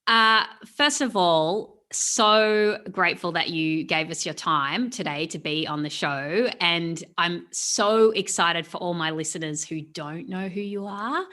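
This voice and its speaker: A woman's voice: lowish voice, unhurried, few pauses, sharp tone. A woman hosting an interview podcast and coaching her listeners, speaking in an effusive, encouraging way.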